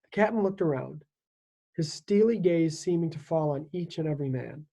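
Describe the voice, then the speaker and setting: A teacher reading a children's historical novel aloud with lively, expressive storytelling. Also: medium pitch, moderate pace, creaky.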